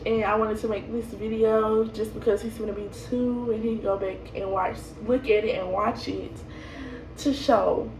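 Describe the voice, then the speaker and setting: Heard from afar in a room with echo and a bit of background noise, a young woman laughs and rambles through her birth story, restarting often and leaning on fillers. Her voice runs high, with a somewhat dark tone.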